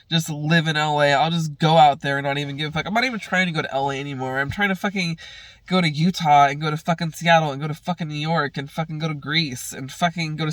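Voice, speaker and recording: Profane young man venting, bright dry voice. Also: fairly high pitch, no room sound. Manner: profane, heated ranting with sighs. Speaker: vlogger. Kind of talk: venting monologue.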